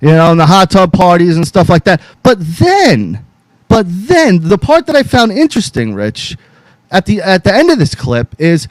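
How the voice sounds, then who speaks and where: A man's voice: high voice, very animated, moderate pace, no echo, rough recording. A man hosting a podcast, ranting angrily and swearing constantly, all worked up. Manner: profane, angry and fired up; calls out to co-hosts by name. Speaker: podcast host. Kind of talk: heated podcast rant.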